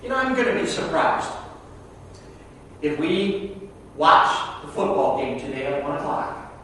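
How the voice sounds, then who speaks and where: A male pastor delivering a sermon, his voice pitched high for a man. He drops to near hush and then builds to loud, emphatic appeals. The sound comes from a distance in a long, echoing church hall. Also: big pitch swings, measured pace, a little hiss or hum. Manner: swings from hushed to loud and emphatic. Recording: echoey hall, mic far off.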